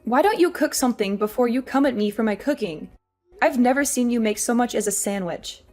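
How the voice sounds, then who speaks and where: A woman playing a weary, high-voiced young wife. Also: expressive, fairly quick, darkish tone, faint music behind, lightly acted. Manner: weary, pleading. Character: exhausted young working wife. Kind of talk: audio drama acting.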